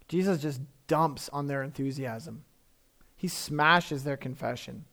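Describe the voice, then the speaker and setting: A man's voice: a little high, takes it slowly, vocal fry, bright, forceful tone. A man preaching a sermon in a conversational, emphatic way, often repeating phrases for effect.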